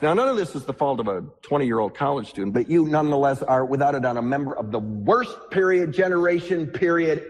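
An actor playing a blunt, exasperated news anchor who delivers a cutting, sarcastic rant full of listed facts. His voice is a little husky. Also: fairly high pitch.

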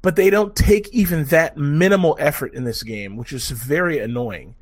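Excitable man reviewing a game. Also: fairly high pitch, moderate pace. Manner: excitable, swears, many fillers and restarts. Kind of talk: casual game review chat.

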